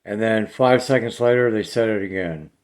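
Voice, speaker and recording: Blunt man, low-pitched. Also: normal speed, background noise. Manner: blunt and plainspoken. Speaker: paranormal vlogger. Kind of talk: casual talk to camera.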